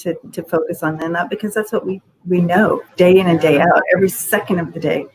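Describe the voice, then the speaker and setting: A woman's voice: fairly low pitch, fairly even intonation, quick pace, poor audio. A woman giving channeled spiritual messages in a casual, rambling way, with restarts and the odd swear word. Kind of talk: casual spiritual reading on a group call.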